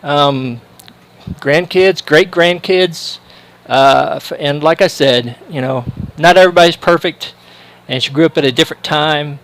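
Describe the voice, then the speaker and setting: Guy commentating a livestream, kinda high voice, rambly chat with lots of ums and restarts. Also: measured pace, fairly bright tone, poor audio. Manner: rambling storyteller, many fillers and restarts. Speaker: sports broadcast commentator.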